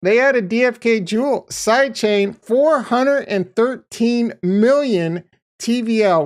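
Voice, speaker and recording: A man talking casually about his crypto yield farm, blunt and profane, swinging from quiet muttering to heated ranting. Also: very high voice, slow. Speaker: crypto YouTuber. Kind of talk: casual screen-share commentary.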